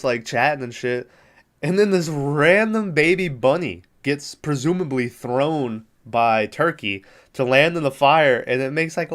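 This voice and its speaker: A man hosting a podcast, recapping a movie in a rambling, profane, amused way. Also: on the high side. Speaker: podcast host.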